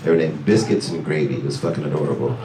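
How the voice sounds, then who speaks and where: A male stand-up comedian telling a story to a club audience, with animated delivery that jumps into high, excited voices. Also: fast talker, crowd noise. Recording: echoey club sound from far off.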